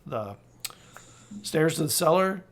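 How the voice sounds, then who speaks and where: Man running a tabletop game; gravelly, slightly high voice, unhurried and halting. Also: expressive. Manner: halting, slow, with many fillers. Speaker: dungeon master.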